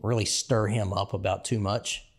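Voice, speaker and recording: A former frac field worker co-hosts a casual podcast, telling a work story in a laid-back, easygoing way with fillers and restarts. His voice is fairly low with a flat delivery and moderate pace.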